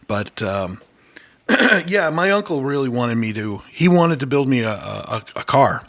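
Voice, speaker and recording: A man's voice: medium pitch, big pitch swings, measured pace, a bit bright. A man co-hosting a casual podcast chat, joking and laughing often as he talks. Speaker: podcast co-host. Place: lives in Connecticut.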